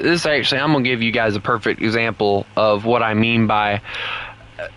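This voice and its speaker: His lowish voice comes across pushed, bright and smooth as he chats through a live game stream in a Southern US accent. He rambles, airs blunt opinions and launches into heated rants, all captured on a rough recording.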